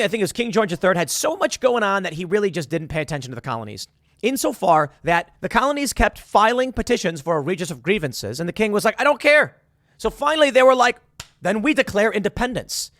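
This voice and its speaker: A man's voice: high voice, fairly quick, dry recording, studio quality. A man hosting a political commentary show, talking in a sarcastic monologue and mocking the people he quotes. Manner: animated, sarcastic, acts out quotes in mocking voices.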